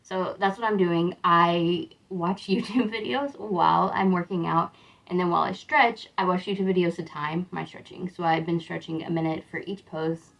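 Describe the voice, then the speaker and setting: A woman's voice: fairly low pitch, moderate pace, creaky, a bit bright, muffled recording. A young American woman chatting casually in a vlog, rambling and upbeat, sounding tired. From United States. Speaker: vlogger.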